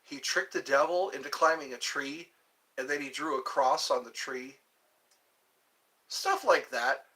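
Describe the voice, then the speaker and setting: A man's voice: mid-range voice, a little slow, long pauses, pushed and bright. A man hosting a casual livestream, answering viewer questions in a rambling, jokey way. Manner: rambling and jokey, drifting between topics. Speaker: livestream host.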